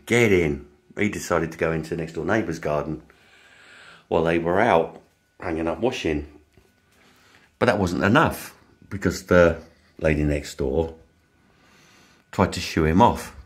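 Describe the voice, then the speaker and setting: A man, casually telling a story to camera, speaking softly and getting animated when he retells the shouting. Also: deep voice. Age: 50s. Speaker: vlogger.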